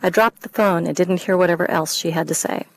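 A woman, the author, reading her first-person mystery novel aloud in a wry, expressive way. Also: lowish voice, a little fast, creaky, no echo, rough recording.

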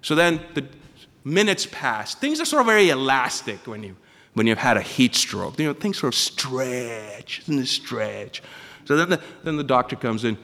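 A man telling a personal story in an animated, comic way, often restarting his sentences. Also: medium pitch, moderate pace, gravelly, big-room sound.

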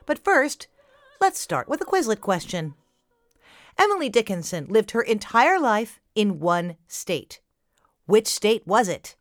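A woman's voice: mid-range voice, dry recording, clean studio sound. A woman hosting a children's classical music podcast, explaining things simply and cheerfully to young listeners. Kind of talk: scripted kids' podcast narration.

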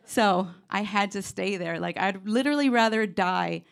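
Woman storyteller, gravelly, rambling and self-mocking comic delivery. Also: medium pitch, moderate pace. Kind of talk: comedic storytelling.

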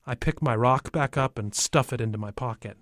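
A man's voice: mid-range voice, a little fast, a bit bright, no echo, studio quality. Man reading a first-person story. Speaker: audiobook narrator.

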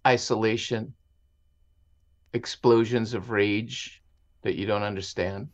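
A man's voice: fairly low pitch, steady tone, slow pace. A man telling stories as an interview guest, reflective and conversational, slipping Spanish words into his English. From Mexico and San Diego. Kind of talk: conversational storytelling.

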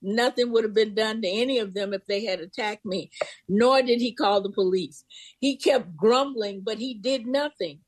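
Older woman, interview guest, lively storyteller, dry close sound. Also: mid-range voice, normal speed, slightly rough, no echo. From Memphis. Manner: vivid storyteller, acts out voices in quotes. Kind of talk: personal storytelling.

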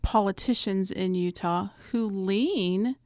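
A middle-aged woman, a studio guest on a radio panel, explaining her views in a measured way. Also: mid-range voice, a little mellow, no echo.

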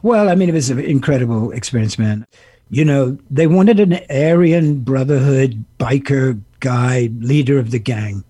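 A man in his seventies, a guest actor and musician, telling animated stories with laughter and impressions in an interview. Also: medium pitch, normal speed, breathy edge, no echo. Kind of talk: interview storytelling.

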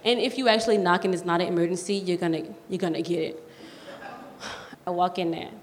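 A teenage girl from New telling a personal story on stage, lively and youthful, with quick bursts of excitement. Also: on the low side. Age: teens. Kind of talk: live storytelling. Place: community school event space. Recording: long hall reverb.

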